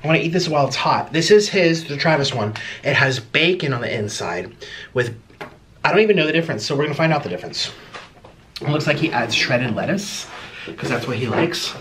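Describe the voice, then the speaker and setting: Man, mukbang host, bossy and dramatic, pitch swinging all over, a bit of room hiss. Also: expressive, a little fast. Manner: bossy, dramatic, chewing while talking. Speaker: mukbang vlogger. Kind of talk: eating vlog to camera.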